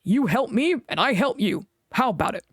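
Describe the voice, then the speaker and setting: A woman's voice: expressive, moderate pace, slightly rough, no room sound, studio quality. Gordon, a woman doing a grand boastful big engine. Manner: grand booming chortle.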